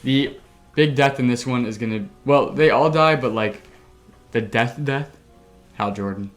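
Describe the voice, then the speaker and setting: A male podcast host who talks in a middling, unremarkable register. He tells his story with loose, excitable energy, punching it up with spoken sound effects and casual cursing. Faint music plays softly behind his voice. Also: medium pitch, measured pace.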